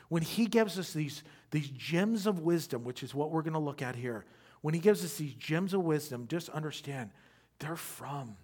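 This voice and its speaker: A man preaching a sermon who speaks straight to his congregation with questions and rises from quiet reflection to loud emphasis. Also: a little high, husky. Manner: addresses the congregation directly with questions. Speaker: pastor.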